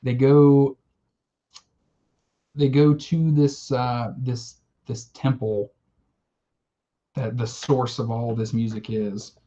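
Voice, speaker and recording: A man on a casual podcast recounts a story with heartfelt enthusiasm, swearing now and then. His voice sits at an ordinary pitch. The recording sounds slightly dull and lo-fi. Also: flat delivery, slow pace, long pauses, mellow. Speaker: podcast co-host. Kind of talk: casual chat.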